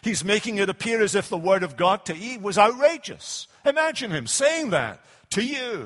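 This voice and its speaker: A man preaching a sermon with a notably high voice. He speaks deliberately and emphatically, drawing out key words, and his voice rings with a long hall reverb. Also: big pitch swings, a bit bright.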